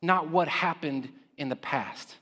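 A man delivers a sermon in a notably high voice, talking it through conversationally and checking in with rhetorical questions. His words ring out with a long reverb, as in a church sanctuary. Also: a little slow, pushed and bright. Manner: conversational, with frequent rhetorical "right?" check-ins. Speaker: preacher.

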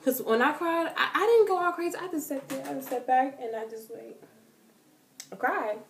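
A young woman vlogger answering fan questions in casual, animated talk, full of slang and repeated words, dropping to a soft hush for emotional moments. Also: high-pitched, moderate pace, gravelly, background noise. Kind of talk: casual chat to camera. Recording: echoey room, faint music behind.

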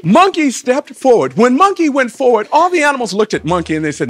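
A man telling a folktale to listeners, with rhythmic refrains and big shifts in pitch and volume. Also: sing-song, fairly quick, a bit bright, slightly rough, no echo. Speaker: storyteller.

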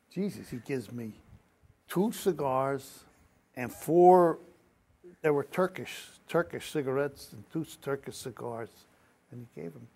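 Gravelly older man telling old stories. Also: medium pitch, slow pace, pauses often. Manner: lively anecdotal storytelling with quoted dialogue. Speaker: interviewee. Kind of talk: oral history storytelling.

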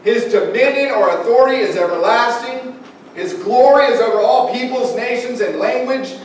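A high-voiced male pastor preaches in a church sanctuary, pressing his point with questions to his listeners. His voice booms back from a very echoey hall, picked up from some distance by a room mic, with faint noise underneath. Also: normal speed. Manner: preaching with rising emphasis and direct questions to listeners. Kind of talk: sermon.

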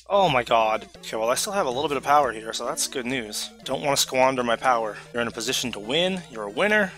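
A man giving live commentary while playing a video game, excitable, talking to himself and letting out sudden yelps. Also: mid-range voice.

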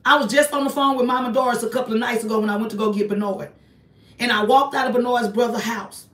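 A woman's voice: a little high, steady tone, fast talker, a bit bright, far from the mic. A woman, talking to her viewers in a casual livestream from her apartment, emphatic and repetitive as she preaches. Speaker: online ministry host. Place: small home apartment, indoors. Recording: echoey room, voice off-mic.

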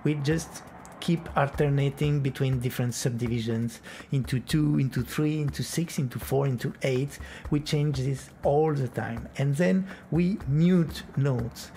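A man's voice: mid-range voice, unhurried, dark tone, a little hiss or hum. A man teaching flamenco rhythm, explaining plainly and counting beats aloud with sung rhythm syllables. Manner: plain explanatory talk with occasional Spanish words.

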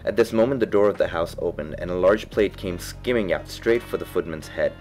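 Deep-voiced man reading a storybook. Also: a little fast, a little mellow, faint music behind, low-quality recording. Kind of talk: storybook narration.

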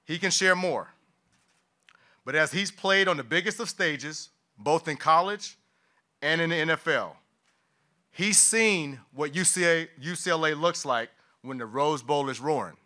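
A man delivers a measured, emphatic press-conference introduction in a slightly higher voice. His tone is bright and forceful, and his phrasing is formal and well rehearsed. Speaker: athletic director introducing a new coach. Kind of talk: prepared press-conference speech.

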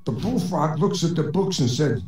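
A man's voice: on the high side, lively intonation, moderate pace, a little mellow, roomy sound, far from the mic, a little hiss or hum, rough recording. A man telling corny jokes in a voice chat comedy set, with dry delivery as a robot persona. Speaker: stand-up comedian.

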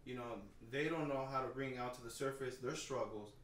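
A man's voice: mid-range voice, brisk, a bit bright, roomy sound, distant mic, slight background noise. A man co-hosting a podcast, talking candidly and emotionally, swearing freely and often adding "you know what I'm saying". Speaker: podcast co-host.

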